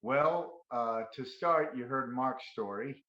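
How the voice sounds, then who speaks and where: A man's voice: mid-range voice, slow pace, echoey room, muffled recording. A man on a call, animatedly telling a story and acting out the dialogue in it. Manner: animated, acts out quoted dialogue. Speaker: caller giving a testimonial. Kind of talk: casual storytelling.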